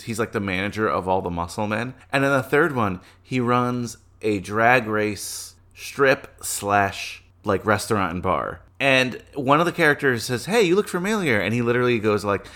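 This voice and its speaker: Rambling, animated man with a low voice. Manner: animated, rambling storyteller, laughs often. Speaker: podcast guest. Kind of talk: casual chat.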